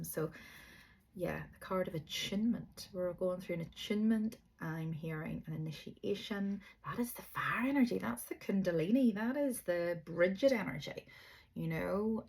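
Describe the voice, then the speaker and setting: A woman's voice: lowish voice, darkish tone, husky. A middle-aged woman, a yoga teacher, giving a chatty, rambling, encouraging spiritual talk. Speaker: yoga teacher and energy reader. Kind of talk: casual spiritual monologue.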